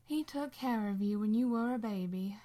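A woman doing a gentle, teasing old blind woman. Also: medium pitch, normal speed, close to an everyday voice. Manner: fond, teasing, motherly.

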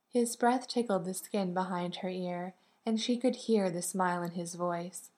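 A woman calmly narrating a romance novel with a gentle, measured delivery. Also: lowish voice. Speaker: audiobook narrator.

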